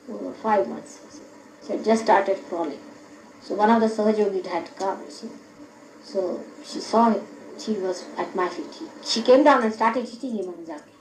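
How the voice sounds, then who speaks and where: An older woman giving an informal spiritual talk in a public hall, often laughing and speaking in an animated, instructive way. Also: a little high. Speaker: spiritual teacher. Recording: echoey hall, faint background hiss.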